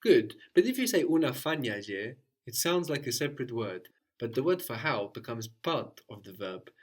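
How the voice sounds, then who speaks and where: A man teaching a language lesson, patient and prompting, often checking understanding with a quick "no?". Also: medium pitch, very animated, husky.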